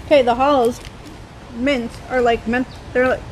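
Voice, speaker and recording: A woman co-hosts a live stream with a bright, high voice. She chats casually and teases playfully. A faint hum of noise sits behind her. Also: fairly even intonation, measured pace, low-quality recording. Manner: playful, teasing. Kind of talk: casual chat.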